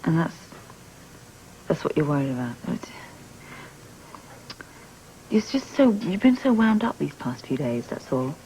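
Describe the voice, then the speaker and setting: An actress playing a wife who is a detective in a 1980s soap opera, asking insistent, probing questions. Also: female voice, deep voice, sing-song, measured pace, long pauses, warm tone, a little hiss or hum, poor audio. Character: suspicious, hurt detective wife, insists on equality.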